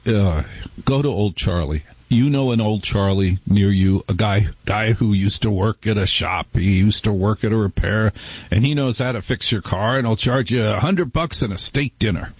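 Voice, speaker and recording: A man's voice: fairly low pitch, moderate pace, husky, no echo, dull audio. A middle-aged man hosting a talk radio show, chatting in a wry, rambling, conversational way. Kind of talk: casual talk radio monologue. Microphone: studio microphone.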